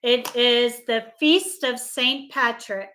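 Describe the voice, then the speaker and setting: A woman's voice: fairly high pitch, slow pace, sharp tone. A woman co-hosting a casual livestream chat, reading trivia questions aloud and repeating the answers.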